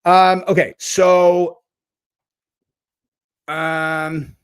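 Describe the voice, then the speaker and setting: A man's voice: high voice, little pitch movement, very slow, smooth. A man hosting a livestream, ranting and mocking chat commenters with a lot of swearing. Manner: profane, mocking, talks back to chat. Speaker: livestream host. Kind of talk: casual livestream rant.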